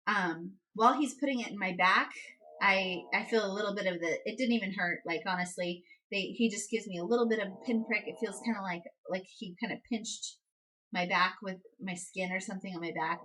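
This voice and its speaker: A woman's voice: steady tone, a little fast, a bit bright, rough recording. A young woman vlogger casually telling a personal story, full of "like" and "um" fillers. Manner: chatty, many "like" and "um" fillers, reenacts quotes with high outbursts. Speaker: vlogger, new mother.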